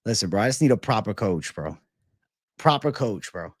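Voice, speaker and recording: A man's voice: lowish voice, sing-song, moderate pace, breathy edge, no room sound. A man hosting an MMA livestream in casual, profane, hyped chat full of slang.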